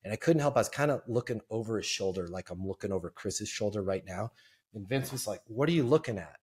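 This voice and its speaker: A man who is a podcast guest, telling a sales story in an animated way and acting out the quotes. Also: fairly low pitch, fast talker, breathy edge. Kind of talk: storytelling interview.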